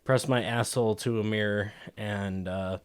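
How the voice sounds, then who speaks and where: A man's voice: on the low side, fairly even intonation, normal speed, clear, resonant tone, no room sound. A man co-hosting a casual movie podcast, explaining film camera work at length with many fillers and restarts. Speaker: podcast co-host.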